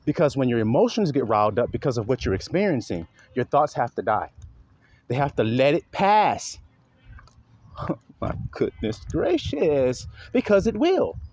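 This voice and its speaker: In a muffled recording, a man preaches a sermon at a moderate pace. He calls out rhetorical questions and acts out exaggerated voices, staying animated with wide pitch swings.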